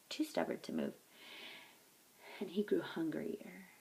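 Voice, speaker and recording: A woman storyteller reading a folktale aloud, often softly and close to a whisper. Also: on the low side, vocal fry, low-quality recording.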